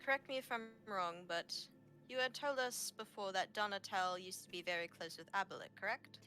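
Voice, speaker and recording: A courteous adventurer woman , played by a woman player in a tabletop game. Her voice is bright and sharp, and her manner is formal and polite. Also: mid-range voice, a little fast, close to an everyday voice.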